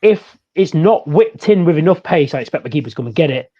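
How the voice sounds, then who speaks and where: A man, co-hosting a casual football podcast and chatting in an animated way. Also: a little high, brisk, highs cut off. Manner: chatty, animated, laughs easily. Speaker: podcast co-host.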